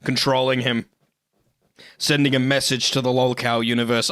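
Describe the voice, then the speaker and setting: A man's voice: mid-range voice, flat delivery, moderate pace, fairly bright tone, clear, resonant tone, no echo, clean studio sound. A man, hosting a live stream in casual chat, swearing and joking with frequent laughs. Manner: profane, joking, laughs often. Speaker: streamer host.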